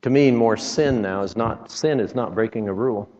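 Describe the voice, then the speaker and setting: Low-voiced folksy male preacher in a reverberant hall. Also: moderate pace, darkish tone. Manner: folksy, joking asides, quotes scripture. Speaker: traveling preacher. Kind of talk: sermon. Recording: reverberant, dull lo-fi sound.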